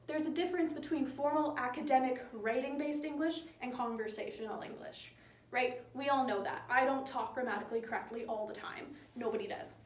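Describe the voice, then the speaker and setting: Young woman teacher, relaxed chatty explainer, slightly high pitch, roomy distant sound. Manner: chatty, keeps checking in with "right?". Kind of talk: casual grammar lesson.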